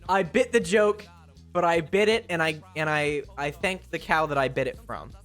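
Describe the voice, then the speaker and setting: A man streaming live and chatting casually with his audience. He rambles, jokes and restarts his sentences, speaking a little higher than most men. Faint music plays behind him. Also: moderate pace, fairly bright tone. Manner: rambling, joking, many fillers and restarts.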